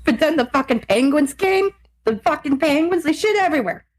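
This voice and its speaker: Woman, podcast co-host, giggly, profane, playful, high voice, lively swooping pitch. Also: brisk. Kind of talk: casual comedic podcast chat.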